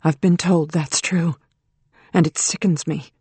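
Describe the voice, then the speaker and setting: Here the narrator plays a strained, defiant adult woman, a determined mother, in a tense, bitter, and forceful manner. The husky mid-range voice moves at a measured pace with fairly even intonation, in dry studio sound with no echo.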